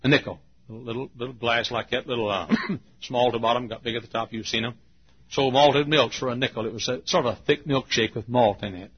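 A man preaching a folksy storytelling sermon, dropping to hushed tones and rising again, on a lo-fi recording. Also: medium pitch, fairly even intonation, fairly quick, breathy edge. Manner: folksy, swings from hushed to loud.

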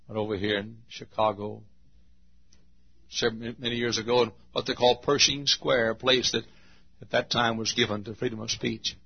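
Gravelly man preaching a sermon. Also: fairly even intonation, normal speed, highs cut off. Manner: swings from loud shouted quotes to hushed low asides. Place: church service.

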